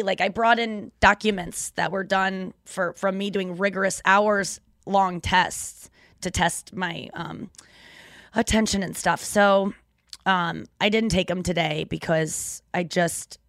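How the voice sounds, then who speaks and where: A woman's voice: mid-range voice, fairly even intonation, slow, fairly bright tone, no room sound, studio quality. A young woman hosting a podcast, talking in a rambling, tearful, apologetic way while crying. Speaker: podcast host. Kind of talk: emotional personal monologue. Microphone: studio microphone.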